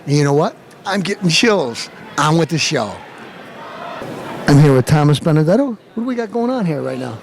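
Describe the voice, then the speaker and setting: A man's voice: on the high side, normal speed, gravelly, slight background noise. A man hosting his show, hyping the event and interviewing people in a playful, hammy showman manner. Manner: animated, playful hype-man delivery. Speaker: show host.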